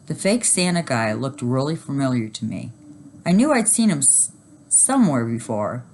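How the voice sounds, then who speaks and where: Teacher lady reading a kids book, low voice but super animated, faint hiss behind. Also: normal speed. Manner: animated, expressive. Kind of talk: children's book read-aloud.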